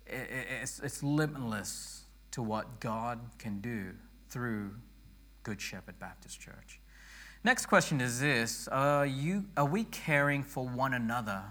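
A man preaching a sermon as pastor, hoarse and losing his voice, earnest and rousing, often restarting his words. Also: mid-range voice, a bit bright.

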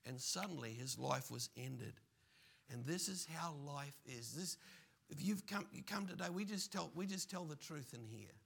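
A man preaching a sermon as pastor, animated and full of playful asides. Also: on the high side, normal speed, creaky, husky.

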